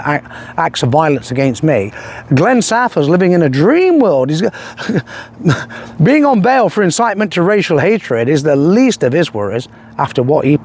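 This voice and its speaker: An older man from England ranting through a political monologue, aggressive, profane and threatening, with halting restarts. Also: a little high, a little mellow. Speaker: political commentator.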